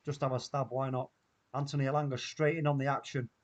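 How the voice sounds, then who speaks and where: A man with a Mancunian accent hosting a live football watchalong, reacting loudly and excitedly to the play. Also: mid-range voice, quick pace, lo-fi sound. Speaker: watchalong host.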